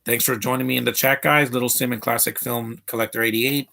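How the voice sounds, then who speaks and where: A man's voice: medium pitch, flat delivery, a little fast, gravelly, bright, forceful tone. A man hosting a live movie commentary stream, blunt and opinionated, rambling with restarts.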